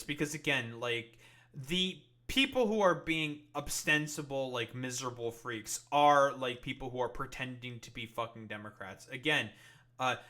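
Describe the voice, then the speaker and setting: An irate male streamer reacting to political clips, cursing constantly and stumbling over fillers. His voice is bright and forceful, at an ordinary pitch for a man. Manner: angry, swearing, many fillers. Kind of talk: profane reaction commentary.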